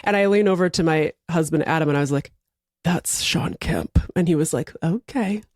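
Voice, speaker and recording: A woman in her thirties, a podcast co-host, telling a story in casual chat, animated and laughing as she acts out quotes. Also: sits low, quick pace, no echo, studio quality.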